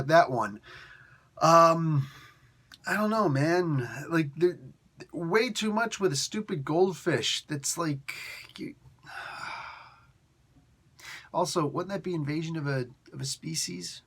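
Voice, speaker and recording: Exasperated man reviewing comics, higher voice. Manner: blunt, exasperated, rambling with restarts. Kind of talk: casual spoken review.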